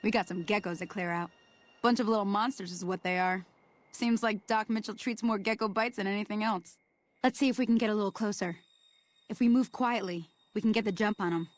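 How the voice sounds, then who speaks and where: A woman's voice: medium pitch, a little fast, no echo, close to an everyday voice. A woman playing a folksy frontier gal. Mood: easygoing. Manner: folksy, homespun country talk. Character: friendly young frontier woman guide. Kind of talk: video game dialogue.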